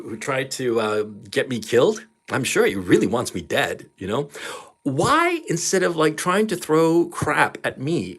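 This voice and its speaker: Rambling emphatic man, lively pitch. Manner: rambling, emphatic, repeats words, asks rhetorical questions. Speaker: commentator. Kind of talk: casual video commentary.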